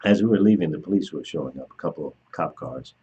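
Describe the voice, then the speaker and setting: A man's voice: a bass voice, quick pace, husky, muffled recording. A man hosting a talk show, telling a story in casual chat and laughing as he goes. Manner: animated storyteller who laughs while telling. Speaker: radio show host.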